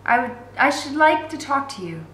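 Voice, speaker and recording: Here is a quiet, frail old noblewoman as a woman reader puts her on, gentle and soft in a storybook read-aloud. The voice is high and bright. The room is echoey. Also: very animated, moderate pace. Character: elderly sickly English noblewoman, gentle and frail.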